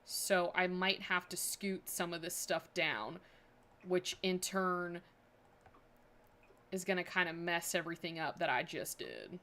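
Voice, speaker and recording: A woman's voice: on the low side, fairly even intonation, a little slow, a bit bright. A woman streaming a building game, chatting casually and thinking aloud with many fillers. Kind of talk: casual livestream chat.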